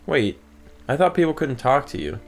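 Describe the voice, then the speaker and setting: A man's voice: medium pitch, normal speed. A young man giving casual, joking commentary while playing a video game with a friend. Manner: joking, sarcastic, lively voices for quotes. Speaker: let's play co-host. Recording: game music faintly behind.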